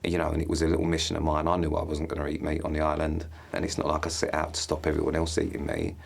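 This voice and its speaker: A man's voice: rumbling low, completely flat delivery, fast, creaky, slightly rough. A man speaking candidly and with self-mocking humour in a confessional interview on a clip-on microphone. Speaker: contestant.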